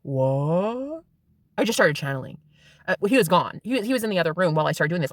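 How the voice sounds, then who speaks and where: A woman's voice: fairly low pitch, lively intonation, fairly quick, no room sound, clean studio sound. A woman in her thirties telling a rambling, casual story to her vlog viewers and swearing freely. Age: 30s. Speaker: spiritual vlogger.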